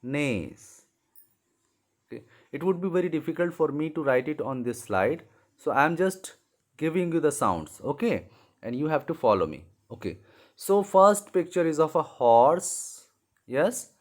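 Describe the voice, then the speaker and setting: Slow, lively teacher. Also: male voice, on the high side. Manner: patient, repeats words, animated sound-making. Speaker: English teacher. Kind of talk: slow lesson for young children.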